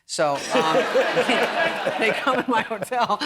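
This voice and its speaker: A male comedian telling stories on a talk show in a dry, sarcastic way, with lively quoted voices. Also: high-pitched, slow, heavy background noise. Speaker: guest comedian. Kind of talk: anecdotal talk-show storytelling. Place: TV studio before an audience.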